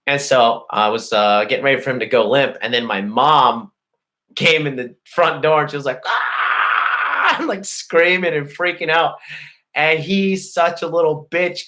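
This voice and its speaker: A man with a mid-pitched voice, casually telling a boastful, profanity-filled story to his viewers. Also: pushed and bright. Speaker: host. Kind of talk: casual storytelling to a live chat.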